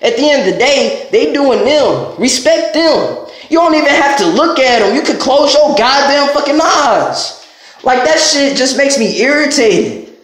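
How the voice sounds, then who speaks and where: A man's voice: extremely high pitch, expressive, measured pace, fairly bright tone. A man ranting bluntly and angrily at the camera, cursing constantly in a confrontational vlog. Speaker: vlogger. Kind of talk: heated profane rant to camera. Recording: very echoey room.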